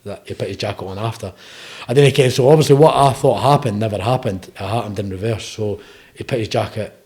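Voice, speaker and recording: A young man with a Scottish accent speaks rapidly in a relaxed podcast chat. His voice sits on the low side as he rattles through long, rambling stories and keeps checking in with a quick "eh?". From Scotland. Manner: rapid, rambling storytelling with frequent "eh?" tags. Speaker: podcast guest, bare knuckle boxer. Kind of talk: casual interview chat.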